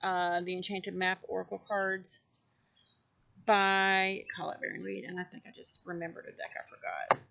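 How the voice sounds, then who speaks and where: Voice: medium pitch, level tone, normal speed, gravelly, sharp tone, dull audio. An oracle card collector chatting casually on a vlog while showing off decks, gushing and rambling with lots of fillers and restarts. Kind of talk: casual show-and-tell vlog.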